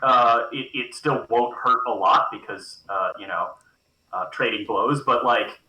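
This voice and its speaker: A man's voice: mid-range voice, unhurried, pushed and bright, reverberant, poor audio. A man playing a tabletop game, talking out his moves with many hesitations and restarts. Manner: hesitant, full of restarts while planning moves. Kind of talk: casual tabletop play.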